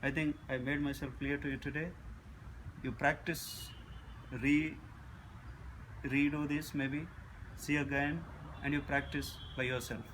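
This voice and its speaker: A male teacher gives a phonetics lecture at a very unhurried pace. His voice sits a little high for a man, and he repeats himself as he sounds out each vowel. A faint hum of room noise sits under his voice. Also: little pitch movement. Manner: slow, repetitive, demonstrates vowel sounds aloud.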